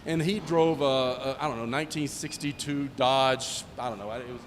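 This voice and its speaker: A man's voice: mid-range voice, normal speed. A middle-aged man, a former squadron commander, giving a joking anecdotal speech at a retirement ceremony and acting out the dialogue in his stories. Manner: joking storyteller who acts out dialogue. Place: ceremony hall. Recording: long hall reverb, faint ambient noise.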